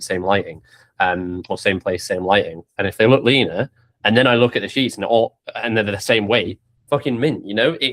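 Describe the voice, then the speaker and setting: Animated sweary man. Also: fairly low pitch. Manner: swears freely, animated, many restarts. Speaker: podcast host. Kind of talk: casual chat.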